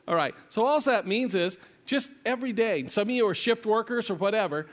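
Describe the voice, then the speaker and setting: High-voiced man preaching casually. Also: moderate pace. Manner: conversational, playful preaching with asides. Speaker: pastor. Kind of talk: sermon.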